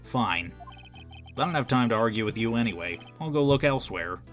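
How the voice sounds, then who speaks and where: A man's voice: mid-range voice, animated, brisk, fairly bright tone, soft background music. A young man voicing a game's dialogue, with jokey, self-mocking asides. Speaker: let's play voice actor. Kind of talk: game playthrough with voiced dialogue.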